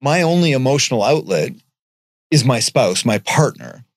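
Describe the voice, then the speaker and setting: A man talking earnestly in a casual podcast conversation, getting animated and swearing now and then. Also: medium pitch, normal speed, no room sound, studio quality.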